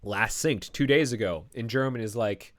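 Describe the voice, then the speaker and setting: A man's voice: medium pitch, normal speed. A man casually thinking aloud as he live-streams coding, full of fillers and restarts. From Canada.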